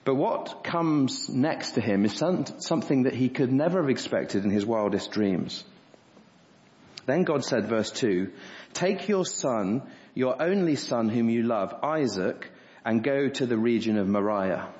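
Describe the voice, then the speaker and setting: A man's voice: mid-range voice, expressive, a little slow, a little mellow. A man preaching an earnest sermon as a pastor, acting out quoted speech in a raised voice. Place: church hall. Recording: dull reverberant church recording.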